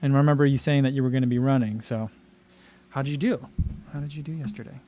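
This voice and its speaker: Reading out his chat on a casual livestream, this man speaks quickly in a dark, medium-pitched voice over a little hiss or hum. He rambles, packing in fillers and cutting himself off to restart.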